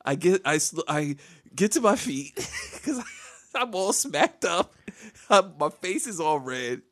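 A man's voice: high-pitched, sing-song, slow pace, fairly bright tone, dry recording, studio quality. A man telling a comedic story on a podcast. He laughs often and acts out the voices and sounds of other people.

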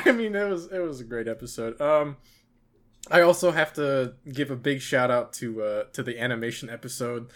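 A man jokes through a casual podcast chat. He swears freely and laughs at his own stories. His voice sits fairly high, bright and very expressive. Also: fairly quick. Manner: laughing, swears a lot, trails off with ums.

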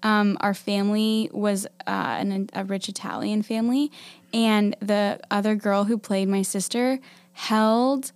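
A woman's voice: medium pitch, steady tone, unhurried, darkish tone, smooth, no room sound. A woman co-hosting a podcast in casual chat, with a voice a little like a Valley Girl's and a giggly, self-deprecating manner. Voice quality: slightly Valley Girl-ish voice. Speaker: podcast co-host.

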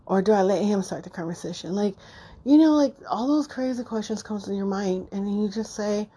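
A middle-aged woman talking unscripted and emotionally, halting with many fillers and restarts, choked up and near tears. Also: medium pitch, dark tone, breathy edge. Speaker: podcast host. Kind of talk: unscripted personal monologue.

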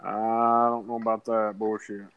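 A man hosting a podcast in casual chat, halting and restarting, swearing casually. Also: lowish voice, level tone, clean tone, no room sound, narrow, tinny audio. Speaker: podcast host.

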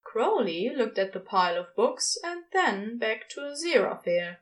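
A woman reading a fan story aloud in a gentle, expressive narration. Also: a little high, normal speed, hardly any pauses. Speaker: podfic reader. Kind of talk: scripted narration.

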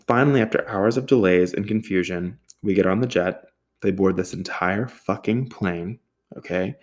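Deep-voiced man telling a sarcastic story. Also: moderate pace. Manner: profane, sarcastic, exasperated. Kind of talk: casual comic storytelling.

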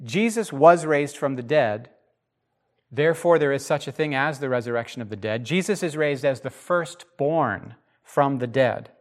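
A man teaching the Bible in a casual podcast chat, animated and emphatic, with frequent restarts. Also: mid-range voice, normal speed.

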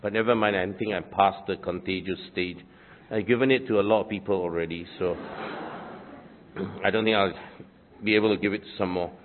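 A man's voice: low-pitched, fairly even intonation, moderate pace, slight background noise. A male pastor preaching a sermon, wry and conversational, at the tail end of a cold with occasional coughs. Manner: wry, self-deprecating humor with conversational asides. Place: church. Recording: tinny phone-like sermon recording.

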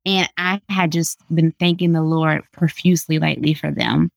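A woman's voice: sits low, fairly even intonation, normal speed, gravelly, no room sound. A woman in her thirties, a pediatrician, sharing earnest, emphatic testimony as a podcast guest. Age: 30s. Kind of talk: faith podcast interview.

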